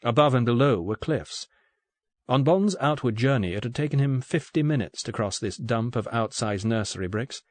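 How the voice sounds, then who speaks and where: Man reading an audiobook, steady even narration, dry close mic. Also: mid-range voice, moderate pace, no room sound. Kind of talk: scripted narration.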